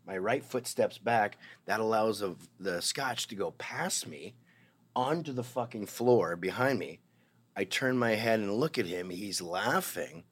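A man's voice: fairly low pitch, animated, measured pace, a bit bright, breathy edge. Profane middle-aged man telling a story. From Canada. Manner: profane, vivid storyteller who acts out other people's voices. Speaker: interview guest. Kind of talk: animated anecdote in casual interview.

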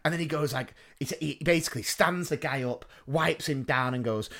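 This podcast co-host has a slightly high voice and a brisk delivery. Animated and self-deprecating, he tells a casual story and laughs his way through it.

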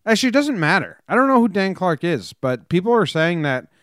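A man co-hosting a podcast, chatting casually with quick asides. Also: high voice, big pitch swings, fairly bright tone, no room sound, studio quality. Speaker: podcast co-host.

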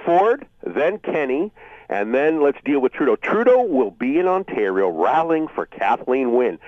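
A man calling in to a talk radio show, speaking passionately and exhorting loudly. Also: medium pitch, very animated, unhurried, dry recording. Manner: impassioned, exhorting, rising to shouts. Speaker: caller. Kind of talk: phone-in radio call. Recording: muffled phone line.

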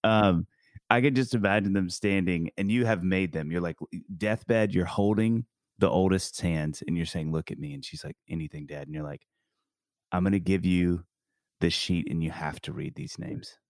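Brief: male podcast co-host, very low voice, dry close sound, rambling comic storyteller. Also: normal speed, darkish tone, no room sound. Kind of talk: casual chat.

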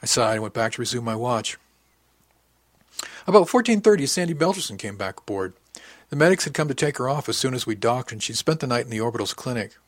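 A man narrating a first-person audiobook in a matter-of-fact, even way. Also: mid-range voice, quick pace, dry recording.

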